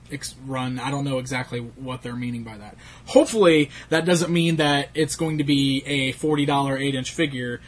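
Husky man chatting casually about toys. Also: mid-range voice. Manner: chatty, rambling with fillers and laughs. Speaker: toy collecting show host. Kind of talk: casual chat about action figures.

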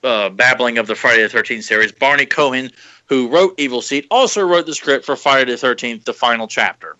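A man co-hosting a podcast in easygoing chat, rambling and lively, with a mid-range voice. His talk comes through a somewhat dull, lo-fi recording. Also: mid-range voice, a little fast. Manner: animated, rambling, slips into silly put-on voices. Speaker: podcast co-host. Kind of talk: casual chat.

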